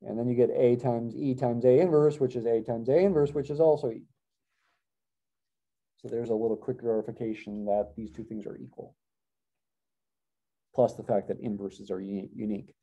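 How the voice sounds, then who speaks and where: A man's voice: medium pitch, fairly even intonation, moderate pace, long pauses, warm tone, highs cut off. A middle-aged man teaching a college math class, thinking aloud with wry asides and self-corrections. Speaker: math professor. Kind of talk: classroom lecture.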